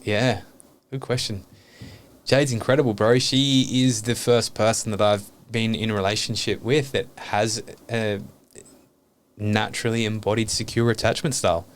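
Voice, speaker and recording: A man's voice: on the low side, fairly even intonation, normal speed, slight background noise. A man talking openly and earnestly as a podcast guest, reflecting on his life and swearing casually.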